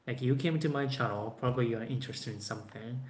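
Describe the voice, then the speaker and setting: A man's voice: medium pitch, quick pace. A man, talking casually to camera with plenty of fillers and restarts. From Japan. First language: Japanese. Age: 20s. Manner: rambling with many fillers and restarts. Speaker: vlogger. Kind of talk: casual talk to camera answering viewer questions. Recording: roomy echo, faint background noise.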